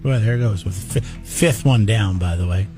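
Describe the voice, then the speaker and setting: Halting, playful male radio host. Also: on the low side, mellow, soft background music. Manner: halting, restarts often, playful. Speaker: radio morning show host. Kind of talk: casual on-air banter and call-in game. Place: radio studio.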